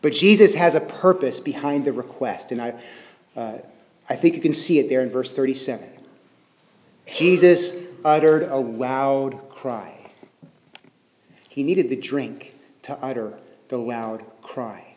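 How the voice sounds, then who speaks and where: A man preaching a Bible sermon in a conversational way, often asking the listeners questions. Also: on the high side. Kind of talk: expository sermon. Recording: reverberant hall.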